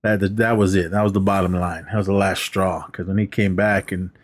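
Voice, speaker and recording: Animated man retelling movie scenes. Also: low voice, fairly quick. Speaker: podcast co-host. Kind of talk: casual movie chat.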